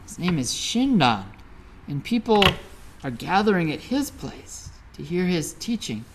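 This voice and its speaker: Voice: medium pitch, big pitch swings, measured pace, background noise, voice pushed up. The storyteller voices eager village gossips passing along news. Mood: gossiping.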